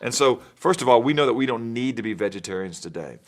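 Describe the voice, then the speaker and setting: A man speaks as a pastor, in sermon-style teaching. He explains in a measured, even way, at a middling pitch for a man. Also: faint music behind.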